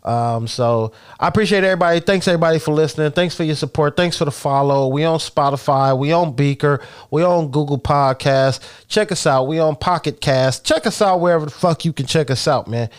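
A man's voice: fairly high pitch, a little fast, few pauses, clear, resonant tone. A man co-hosting a podcast, talking in casual chat with profane, emphatic, joking banter. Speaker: podcast co-host.

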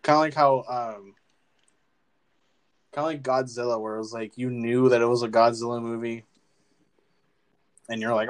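A man's voice: mid-range voice, normal speed, pauses often. Profane young man rambling about a movie. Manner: profane, rambling, animated retelling. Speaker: podcast co-host. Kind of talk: casual movie-review chat.

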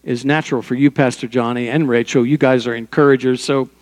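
A man's voice: medium pitch, fairly even intonation, a little fast, big-room sound. An older man preaching a sermon as pastor, in a conversational way with personal stories and small asides.

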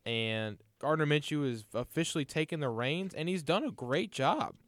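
A man's voice: fairly high pitch, expressive, moderate pace, a bit bright, dry recording. Guy running a football pick show, upbeat, slightly sick, dry close sound. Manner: leads the talk, upbeat and chatty. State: a bit under the weather. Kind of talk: casual sports chat.

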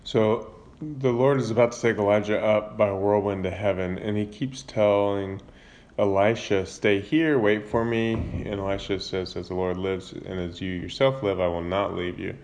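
A man with a low voice talks through a Bible passage in an easygoing, informal way. He paraphrases the story loosely, stopping to correct himself and using everyday fillers. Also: flat delivery, normal speed, a little mellow. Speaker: Bible reader retelling scripture. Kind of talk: casual Bible summary and commentary.

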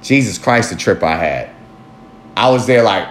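A man in a casual personal monologue, candid and rambling, swearing freely and jumping up in pitch for emphasis. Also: expressive, normal speed. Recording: echoey room with faint ambient noise.

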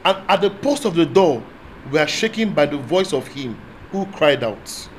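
A man preaching a sermon, moving between quiet asides and loud proclamation and asking the congregation call-and-response questions. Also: on the high side, very animated, normal speed, a little hiss or hum, rough recording. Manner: speaks in tongues at times.

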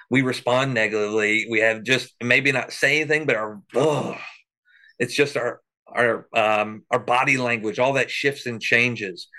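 A man's voice: mid-range voice, sharp tone. A man co-hosting a faith podcast, making points with emphatic, preacher-like energy. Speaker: podcast co-host.

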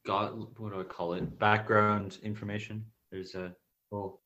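A man's voice: fairly low pitch, level tone, moderate pace, bright, forceful tone, dull audio. A man on a podcast, hesitant and self-mocking as he tries to remember. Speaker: podcast editor and guest. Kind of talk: casual podcast chat.

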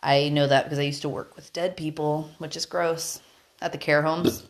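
This is a woman running a casual podcast after a bit of wine. Her voice sits a touch low, and she rambles loosely through the story. She laughs easily and swears often. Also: flat delivery, normal speed. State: a little tipsy from wine. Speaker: podcast host. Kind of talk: casual chat.

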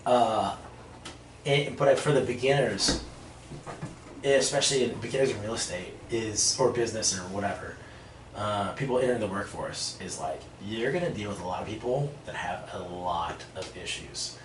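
A man chatting casually, telling animated stories and laughing as he goes. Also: on the low side, moderate pace. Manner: animated, laughs through stories, acts out voices. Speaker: podcast guest. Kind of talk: casual storytelling chat. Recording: echoey room, mic at a distance, faint noise.

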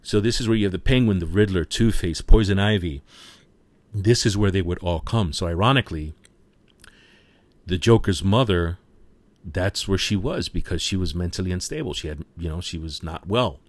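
Deep-voiced man enthusing over a film. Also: moderate pace, no room sound. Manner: enthusiastic, retells scenes with quoted lines; frequent fillers like "you know". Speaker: film reviewer. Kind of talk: casual spoken movie review.

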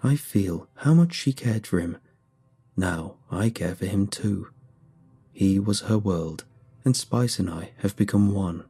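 Man voicing an ancient calm dog-dwelling mold. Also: husky, faint music behind, heavily acted. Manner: slow, low, measured.

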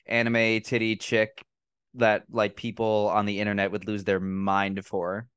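A man hosting a podcast, chatting casually about a film and retelling scenes in a profane, animated way. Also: lowish voice, measured pace, clear, resonant tone, no room sound, studio quality. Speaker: podcast host. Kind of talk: casual film review chat.

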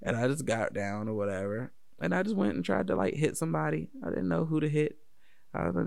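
Gravelly laid-back man from D.C. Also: fairly high pitch, expressive, moderate pace, dry recording, clean studio sound. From Washington, D.C. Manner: laid-back, profane, laughs often. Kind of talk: casual personal storytelling.

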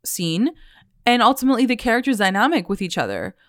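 A woman's voice: a little high, very animated, quick pace, a bit bright, no room sound, clean studio sound. A woman co-hosting a casual chat, recapping a TV episode with opinionated, emphatic remarks. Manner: opinionated, emphatic, quotes characters. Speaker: podcast co-host recapping a TV episode.

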